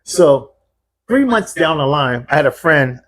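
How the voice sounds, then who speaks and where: A middle-aged man telling a long, profane story as a podcast guest, animated and full of restarts. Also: a little high, a little slow, a little hiss or hum. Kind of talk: casual storytelling.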